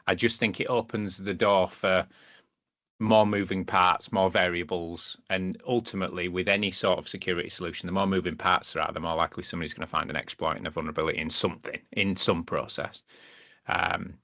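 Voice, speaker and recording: A man's voice: deep voice, flat delivery, brisk, pushed and bright, no echo. A man co-hosting a tech podcast, thinking aloud as he weighs convenience against security. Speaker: podcast co-host. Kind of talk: casual tech discussion.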